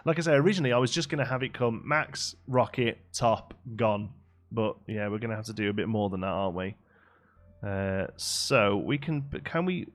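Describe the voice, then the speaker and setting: Man, low voice, chatty live-stream commentary, answers chat. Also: expressive, moderate pace. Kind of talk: casual live-stream commentary while building.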